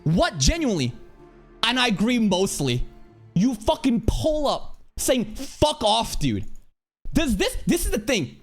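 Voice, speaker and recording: A man streaming an angry rant, aggressive and profane, speaking in a rapid, assertive way. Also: extremely high pitch, big pitch swings, faint music behind.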